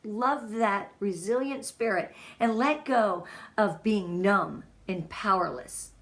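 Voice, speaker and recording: A woman's voice: medium pitch, takes it slowly, fairly bright tone. A woman giving an emotional, encouraging motivational talk to her sales team as a guest speaker.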